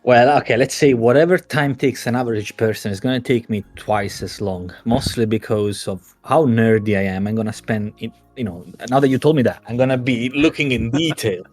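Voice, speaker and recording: A man's voice: mid-range voice, a little fast, hardly any pauses, a little mellow, faint music behind. A man playing a tabletop game, rambling and joking about himself. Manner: rambling, self-mocking. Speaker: player.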